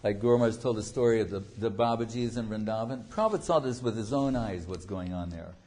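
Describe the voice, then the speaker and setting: A man's voice: on the low side, fast talker, warm tone. Man telling joking stories in a talk. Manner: digressive, joking storyteller who acts out quotes and laughs often. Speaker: spiritual teacher giving a talk. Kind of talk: informal devotional lecture with anecdotes.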